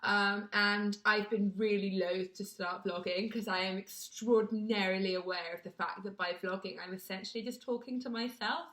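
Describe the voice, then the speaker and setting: A woman's voice: medium pitch, fairly even intonation, moderate pace, few pauses, a bit bright. A woman in her twenties from Britain, vlogging to camera in a casual, self-deprecating, chatty way with lots of fillers. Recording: echoey room.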